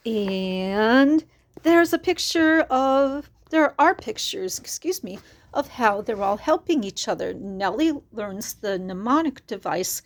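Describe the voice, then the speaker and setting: Chatty woman reading a picture book aloud. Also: medium pitch. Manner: chatty, explaining words, friendly asides. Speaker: children's book reader.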